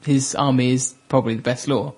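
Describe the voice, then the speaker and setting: A man's voice: medium pitch, fairly even intonation, a little fast, a little mellow. A man on a casual gaming podcast who makes dry wisecracks. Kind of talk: casual chat among tabletop gamers.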